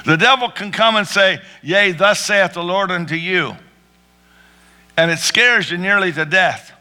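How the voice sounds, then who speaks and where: A man's voice: high voice, measured pace, sharp tone, smooth. A man preaching a sermon with rising fervor, calling out to his congregation and breaking into prayer. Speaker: pastor.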